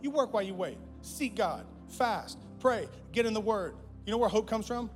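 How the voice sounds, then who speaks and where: A male guest pastor preaching a sermon, impassioned, repeating phrases and swinging from loud declarations to low, quiet lines. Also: animated, normal speed. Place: church sanctuary. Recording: long hall reverb with music underneath.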